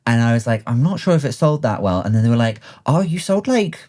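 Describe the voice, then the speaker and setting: A man's voice: medium pitch, animated, quick pace, a little mellow. A man hosting a podcast, chatting casually with wry, playful asides. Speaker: podcast host. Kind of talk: casual interview chat.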